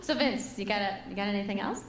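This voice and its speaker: A woman's voice: mid-range voice, fast. A woman hosting a stage interview, asking eager, bouncy questions. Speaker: event host. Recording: echoey stage audio with faint noise.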